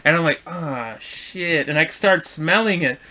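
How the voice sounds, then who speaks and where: A young man co-hosting a podcast, telling a story in a loose, animated way, swearing and acting out what people said. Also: a little high, brisk, crowd noise. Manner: animated, swearing, acts out quotes. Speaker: podcast co-host. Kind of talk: casual storytelling chat.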